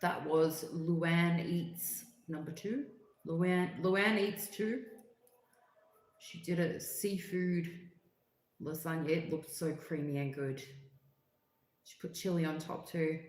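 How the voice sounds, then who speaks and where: A woman's voice: lowish voice, slow, long pauses, echoey room, rough recording. A woman hosting a livestream, chatting casually and reading out viewer comments in a rambling, filler-heavy way. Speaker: livestream host.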